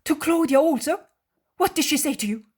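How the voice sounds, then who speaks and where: A woman's voice: high-pitched, lively intonation, moderate pace, a little mellow, pitched above the performer's own voice. A woman voicing a young male apostle who presses with eager, insistent questions in a dramatized audiobook. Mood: prying. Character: prying, anxious male apostle, young man.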